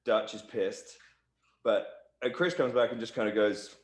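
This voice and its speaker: A man with a lowish voice tells a backstage story in a shoot interview. He talks fast and loose, jumping into voices for the people he quotes. The room around him rings with echo. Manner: animated anecdote-telling, acting out quotes. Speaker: interview guest, wrestler. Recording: echoey room.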